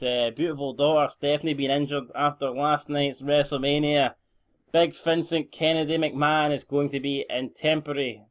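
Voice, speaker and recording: A young Scottish man giving rambling, blunt, sweary commentary on a game he is playing. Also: mid-range voice. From Scotland. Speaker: gaming channel host.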